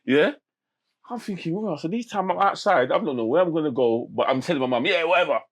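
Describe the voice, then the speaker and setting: A man, a podcast guest telling stories in animated street slang with many restarts. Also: a little high, fast. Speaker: podcast guest, men's mental health campaigner. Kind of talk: casual podcast conversation.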